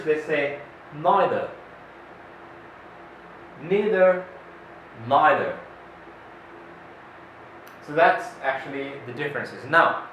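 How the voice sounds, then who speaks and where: A man teaching a classroom pronunciation lesson, speaking deliberately, pausing with "uh" and repeating each model word. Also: a little high, a bit bright. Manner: slow, deliberate, with many "uh" pauses and repeated model words. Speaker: English teacher. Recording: echoey room, voice far from the mic, faint noise.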